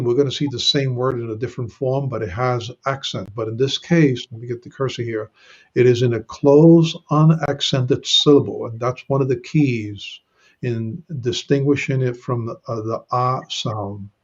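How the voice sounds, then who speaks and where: A man patiently explaining Hebrew grammar in an online lesson, often pausing with "uh" and "okay". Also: mid-range voice, a little mellow, highs cut off. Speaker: Bible Hebrew grammar teacher.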